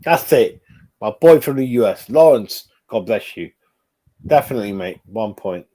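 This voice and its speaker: Brief: man, forties, football fan streamer, lively up-and-down delivery, foul-mouthed, chatting to viewers. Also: lowish voice, normal speed. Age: 40s. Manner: sweary, animated, talking to chat. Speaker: fan channel host. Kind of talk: live stream reaction.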